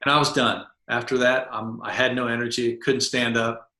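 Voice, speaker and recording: A man's voice: medium pitch, level tone, normal speed, pushed and bright, reverberant, slight background noise. A middle-aged man, a former Navy SEAL chief, telling a vivid first-person story on a podcast and acting out the dialogue. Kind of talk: storytelling in an interview.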